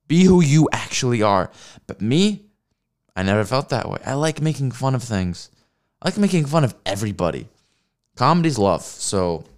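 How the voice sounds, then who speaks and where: A man's voice: mid-range voice, clean tone. A man hosting a solo comedy podcast, ranting in a rambling, profane and mocking way. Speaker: podcast host.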